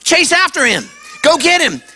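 A man's voice: big pitch swings, bright, forceful tone, exaggerated voice, poor audio. A man doing an eager, hungry young disciple. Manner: pleading, quick, high. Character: excited hungry male disciple, eager for a free meal.

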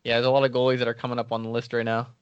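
Chill guy on a podcast, quick reactions, kinda dull dry sound. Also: mid-range voice, monotone, clean tone, no room sound. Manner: easygoing, quick reactions, short laughs. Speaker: podcast co-host. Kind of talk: casual fantasy draft chat.

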